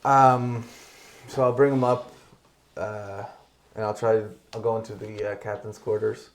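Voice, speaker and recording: Low-voiced man playing a tabletop game. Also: level tone, a little hiss or hum. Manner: halting, lots of fillers, switching into character lines. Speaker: player. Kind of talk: casual tabletop role-play.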